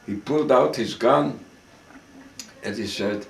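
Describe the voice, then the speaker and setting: Older man telling testimony, slow and halting. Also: medium pitch, gravelly. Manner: halting, repeats and restarts words. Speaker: witness giving testimony. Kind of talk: recorded oral testimony. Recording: roomy recording from a distance.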